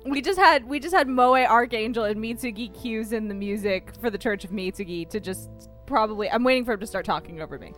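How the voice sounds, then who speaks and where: A woman's voice: on the high side, fairly quick, a bit bright, soft background music. A woman co-hosting a casual anime podcast, playful and giggly. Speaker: podcast co-host.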